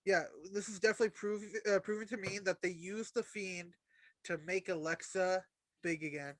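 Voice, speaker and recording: A high-voiced man gives blunt opinions in a casual wrestling chat and swears all the time. His voice sounds close and dry, with no room around it. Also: steady tone, normal speed, dry recording. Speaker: podcast co-host.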